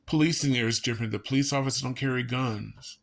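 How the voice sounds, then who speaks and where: A man giving a casual monologue to camera from his living room, talking in a conversational way with animated bursts of emphasis. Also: mid-range voice, quick pace, vocal fry. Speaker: vlogger.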